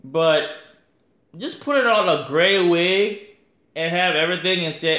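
Podcast host, man, slangy rambling talk, slow and sharp-toned. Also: high voice, expressive, reverberant. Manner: slangy, rambling, filler-heavy. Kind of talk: casual wrestling review.

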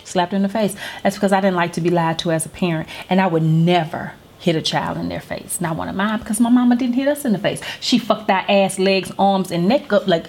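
A middle-aged woman hosts a podcast on a studio microphone, telling a comedic story bluntly and emphatically with heavy profanity. Her voice is medium-pitched and darkish, with a slight hiss or hum.

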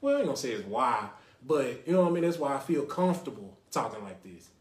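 A man's voice: medium pitch, sing-song, fast. A young adult man from Dallas, Texas, hosting a casual podcast and rambling, often asking "you know what I mean". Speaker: podcast host. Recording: roomy echo.

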